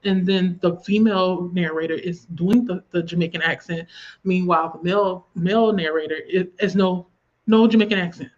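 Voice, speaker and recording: A woman's voice: on the low side, fairly even intonation, moderate pace, darkish tone. Chatty Southern woman, lo-fi stream audio. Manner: chatty, rambling, reads viewer comments aloud. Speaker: livestream host. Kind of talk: casual livestream chat. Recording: slightly dull lo-fi stream audio.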